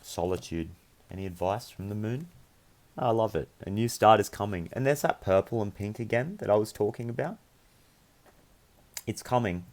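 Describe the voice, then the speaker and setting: A man's voice: fairly low pitch, normal speed, long pauses, a little mellow. A young man giving an earnest, meandering spiritual tarot reading, speaking encouragingly to his viewers. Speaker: tarot reader.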